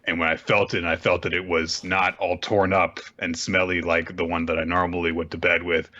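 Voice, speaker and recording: A man co-hosting a casual manga recap podcast, retelling chapters with animated jumps into high character voices and frequent laughter. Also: fairly quick, muffled recording. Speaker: podcast co-host.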